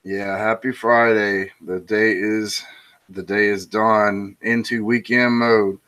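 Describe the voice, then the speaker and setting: Low-voiced man rambling through a joke. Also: level tone, slow, sharp tone, smooth. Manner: rambling, with restarts and self-commentary. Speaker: host. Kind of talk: casual monologue telling a joke.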